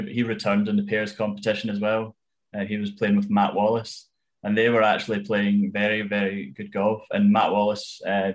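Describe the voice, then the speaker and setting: Low, flat-voiced man giving golf tips. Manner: analytical, measured, with frequent ums. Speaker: golf betting tipster. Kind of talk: casual chat.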